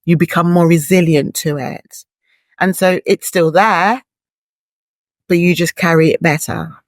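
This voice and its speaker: A woman's voice: fairly low pitch, steady tone, measured pace, dry recording, clean studio sound. A middle-aged woman speaking as a guest in an interview, earnest and heartfelt, explaining her thoughts through long, patient images. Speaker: bereaved mother, guest. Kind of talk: reflective interview talk.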